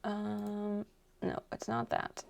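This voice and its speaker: Soft-spoken gravelly woman streamer. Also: mid-range voice, completely flat delivery, slow. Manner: rambling, soft-spoken, thinking aloud. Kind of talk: casual chat while crafting.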